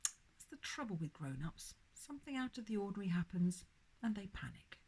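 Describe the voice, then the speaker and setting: A woman reading a storybook, voicing a precocious baby boy who talks in a hushed, knowing way. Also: medium pitch, big pitch swings, fairly quick, husky, pitched above the performer's own voice, poor audio.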